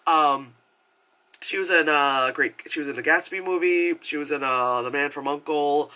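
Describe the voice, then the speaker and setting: Rambling, profane man with a bright voice. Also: a little high, moderate pace, clear, resonant tone. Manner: rambling, profane and chatty, full of filler words; acts out characters' lines in exaggerated voices. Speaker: movie reviewer. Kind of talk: casual film review rant.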